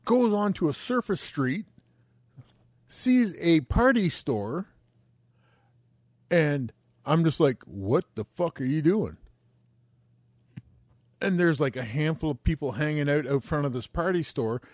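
A man's voice: on the high side, expressive, measured pace, long pauses, a little mellow, no room sound, studio quality. A man in his forties, co-hosting a casual podcast, telling stories with plenty of profanity and exasperation. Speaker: podcast co-host. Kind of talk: casual chat.

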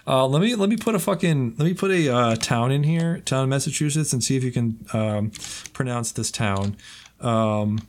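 A man's voice: mid-range voice, normal speed, a little hiss or hum. A man with a New York accent co-hosting a podcast in casual chat, laughing often and swearing freely. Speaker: podcast co-host.

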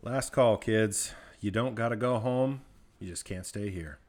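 A man's voice: fairly low pitch, a little slow, a little mellow. A man co-hosting a podcast who trades dry, teasing remarks. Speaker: podcast co-host. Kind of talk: casual comedic chat.

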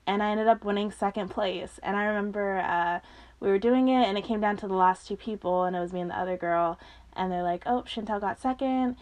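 A young woman in her twenties hosting a podcast, telling a personal story in a casual, animated way, often laughing and acting out what others said. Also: mid-range voice, a little fast. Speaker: podcast host.

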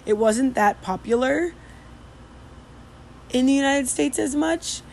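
Young woman, unhurried rambling storyteller with many fillers; faint noise. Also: high voice, vocal fry, a little mellow. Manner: rambling, many fillers and restarts, mimics Spanish street calls. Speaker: vlogger recounting study abroad. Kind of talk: casual storytelling.

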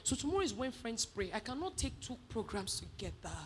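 A woman preaching a sermon, animated, moving from soft asides to shouted emphasis. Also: on the high side, brisk, heavy background noise.

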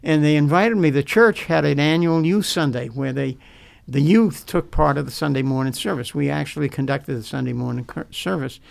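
An older man who is a pastor, earnestly telling his life story in an interview, halting and repeating words as he remembers. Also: on the high side, creaky. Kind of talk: personal storytelling in a faith interview.

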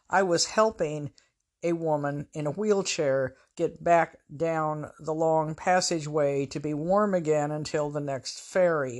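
Hosting her own storytelling show, a low-voiced woman from the Pacific Northwest of the US shares offhand anecdotes. Her delivery is dry and chatty, with plenty of self-mockery.

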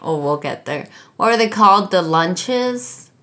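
A woman's voice: medium pitch, expressive, unhurried, pushed and bright. A woman co-hosting a casual podcast, chatty and emphatic, often laughing. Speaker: podcast co-host. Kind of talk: casual chat.

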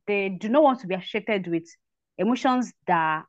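A woman's voice: medium pitch, no room sound, muffled recording. A woman guest in a casual podcast chat, starting sentences over and over before telling her stories. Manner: halting starts, many fillers and restarts, lively when telling stories.

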